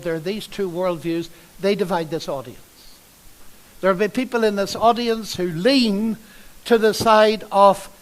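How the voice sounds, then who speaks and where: An older man gives a public university lecture in a large hall. His voice sits high and swings widely in pitch as he tells stories and throws rhetorical questions at the audience. He keeps a chatty, conversational tone throughout.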